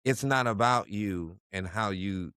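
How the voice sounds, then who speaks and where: A man co-hosting a podcast in a relaxed way, laughing easily and joking at his own expense. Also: fairly low pitch, unhurried, clean tone, dry recording, studio quality. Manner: relaxed, laughing, self-deprecating. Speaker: podcast co-host who works with youth. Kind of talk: casual podcast chat.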